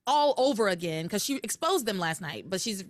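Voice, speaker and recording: A woman co-hosting a podcast, recapping episodes in animated casual chat and acting out quoted lines. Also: mid-range voice, fairly quick, dry recording. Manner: animated, recounting with quoted voices. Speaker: podcast co-host.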